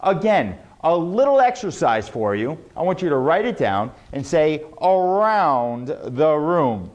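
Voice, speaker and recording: A man's voice: very animated, darkish tone, highs cut off. A man teaching sales tonality, drawing out his words and firing rhetorical questions. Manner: swooping exaggerated pitch, emphatic and drawn out; rhetorical questions, fast asides. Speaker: sales trainer. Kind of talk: motivational sales lesson.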